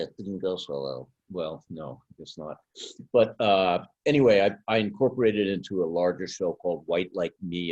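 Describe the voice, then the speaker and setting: A man, a puppeteer guest, talking in a halting, rambling way in a casual chat. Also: sits low. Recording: dry, dull lo-fi audio.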